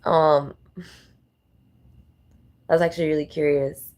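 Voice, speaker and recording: A woman hosting a casual vlog, rambling and thinking out loud as she fumbles through numbers. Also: low voice, little pitch movement, unhurried. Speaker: channel host.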